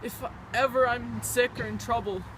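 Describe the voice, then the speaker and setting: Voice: mid-range voice, fairly even intonation, moderate pace, close to an everyday voice. A performer playing a nervous young bride who stammers and pleads in an amateur stage play. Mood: pleading. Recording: noisy with traffic behind.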